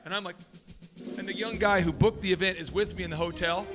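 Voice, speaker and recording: A man hosting a business talk, telling an animated story to a live audience and acting out the people in it. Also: high voice, brisk, in a large hall, soft background music. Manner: excitable, jumps between loud and hushed, acts out quotes. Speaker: business coach and host.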